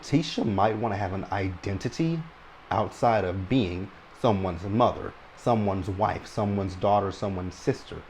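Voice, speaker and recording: A man's voice: sits low, measured pace, darkish tone, a little hiss or hum. A man giving a casual, long-winded recap of a reality show, who keeps checking in with his listeners by asking "right?".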